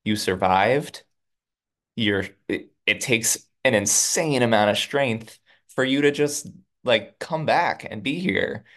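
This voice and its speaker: A man co-hosting a podcast, casually recapping a TV episode and quickly acting out the characters' lines. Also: mid-range voice, a bit bright. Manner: retells scenes with quick quoted lines. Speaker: podcast co-host.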